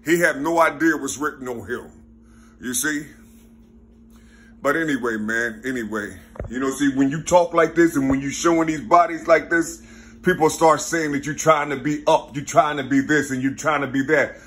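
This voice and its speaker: A man talking in a rambling, casual monologue, full of street slang and constant "you see?" checks, now and then laughing or bursting out loud. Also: on the high side, normal speed, a little hiss or hum. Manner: street slang, repeats "you see?" and "you know what I'm saying?"; excitable, mixes laughs and sudden loud bursts.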